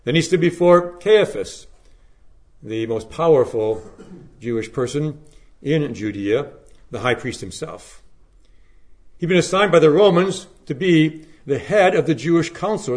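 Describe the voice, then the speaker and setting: A man preaching a Good Friday sermon, reading scripture aloud, then preaching in an earnest, measured way with dramatic rises and hushed drops. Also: a little high, lively intonation. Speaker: pastor.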